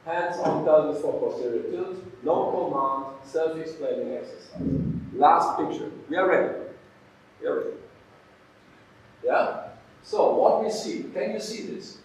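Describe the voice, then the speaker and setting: A man's voice: on the high side, a little hiss or hum. Man lecturing in an echoey hall. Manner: emphatic, checking in often with "okay?" and "yeah?". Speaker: physiotherapy lecturer. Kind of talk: live lecture to a workshop audience. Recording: echoey hall, far from the mic.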